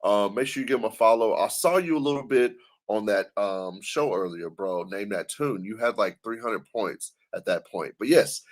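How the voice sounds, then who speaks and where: A man's voice: on the low side, animated, moderate pace, few pauses. Laid-back man hosting a stream interview. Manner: laid-back, loose, laughs easily. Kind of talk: casual interview chat.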